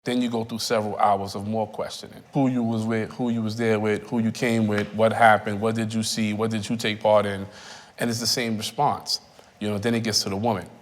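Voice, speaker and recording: A man in his thirties giving personal testimony in a reflective, halting way, often repeating phrases. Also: on the low side, little pitch movement. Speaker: interviewee. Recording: reverberant room.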